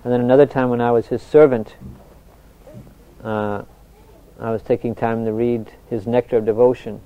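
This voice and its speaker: An older man with a calm, soft voice talks reflectively as a spiritual teacher, often breaking off and starting his sentences again. His pitch sits in a middle range, and the recording sounds muffled and lo-fi. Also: moderate pace. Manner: soft-spoken, frequent restarts. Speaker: spiritual teacher answering questions. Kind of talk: reflective talk with anecdotes. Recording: dull lo-fi recording.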